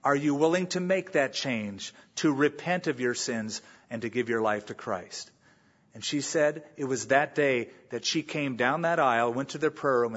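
A man's voice: medium pitch, a bit bright, breathy edge, lo-fi sound. A man preaching a sermon as pastor, telling stories and acting out the people he quotes. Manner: storytelling, acts out quoted voices. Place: church sanctuary.

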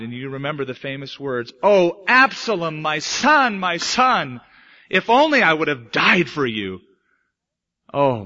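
A man preaching a sermon, swinging between hushed, slow lines and emphatic, raised ones. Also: a little high. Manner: dramatic swings between soft and emphatic delivery. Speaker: pastor. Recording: muffled lo-fi recording.

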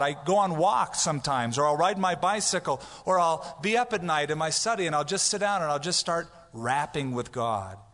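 A man preaching a conversational expository sermon as pastor, animated and casual, sometimes acting out loud prayers for effect. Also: high voice, big-room sound.

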